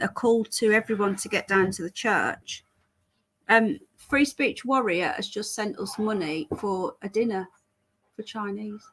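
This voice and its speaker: A woman's voice: fairly high pitch, a bit bright. A chatty British woman livestreaming. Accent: British English. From Britain. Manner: chatty, rambling, answers chat messages as they come. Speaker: livestream host. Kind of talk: casual livestream chat reading viewer comments.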